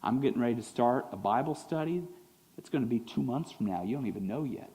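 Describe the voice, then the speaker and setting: A man preaching a sermon as pastor, animated, acting out quotes and swinging between loud and soft. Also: mid-range voice, quick pace, in a large hall, low-quality recording. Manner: animated, acts out voices and quotes, big swings in loudness.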